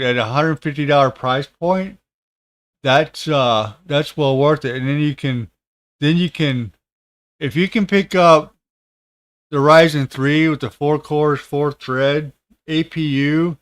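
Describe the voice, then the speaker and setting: Casual tech streamer, male, thirties, unhurried and rambling, clean voice. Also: mid-range voice, clean tone. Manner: halting, many fillers and restarts. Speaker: tech content creator. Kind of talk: casual livestream chat.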